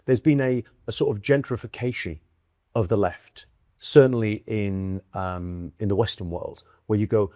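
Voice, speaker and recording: A British man with a lowish, dark voice speaks at normal speed in an indoor room in London, with no echo. He's a comedian appearing as a guest in a casual conversation, musing aloud with dry wit and many restarts.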